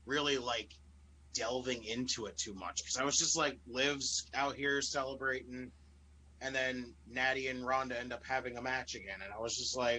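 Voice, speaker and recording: A man talking as a podcast guest in casual chat, relaxed and full of "like" fillers. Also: medium pitch, normal speed, slight background noise, low-quality recording. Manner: relaxed, filler-heavy, lots of "like".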